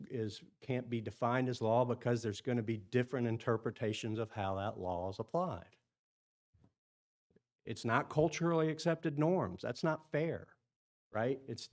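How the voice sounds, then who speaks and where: A man speaks at a professional seminar in a meeting room full of people, his voice sitting at an ordinary middle pitch. He talks in a chatty, loose way, stumbling over repeated words and pausing to ask his audience whether things make sense. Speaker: seminar presenter. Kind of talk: conference talk to engineers.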